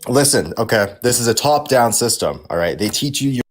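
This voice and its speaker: A man's voice: medium pitch, animated, fairly quick. A man from Canada, a guest on a live-stream debate, self-assured and defiant, talking over others on an online call.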